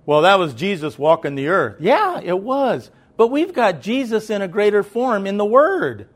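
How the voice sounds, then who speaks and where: In a high-pitched, very animated voice at normal speed, a man preaches conversationally. He keeps checking that listeners understand, then breaks into loud and emphatic preaching.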